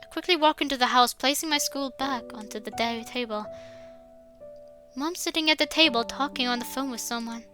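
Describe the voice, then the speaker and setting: High, bright woman reading a visual novel. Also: a little fast, faint music behind. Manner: expressive first-person narration.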